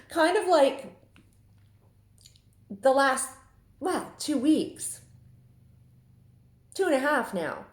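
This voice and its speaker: A woman's voice: high-pitched, big pitch swings, very slow, pauses often. A woman who runs an online group, talking in a chatty, confiding way with frequent laughs, from Saskatchewan in Canada. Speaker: Facebook group admin. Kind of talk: casual monologue. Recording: echoey room.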